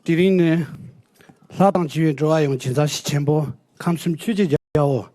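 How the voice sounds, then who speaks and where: A community leader, a man, speaks to the audience in a measured, formal way. His voice sits high but sounds dark and mellow. The sound is dry and close. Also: no room sound.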